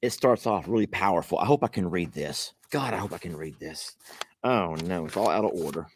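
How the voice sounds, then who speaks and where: Folksy man with a lively voice. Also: sits low, a little fast, slight background noise. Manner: folksy, chatty, talks straight to viewers. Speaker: vlog host. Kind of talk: casual vlog chat while opening gifts.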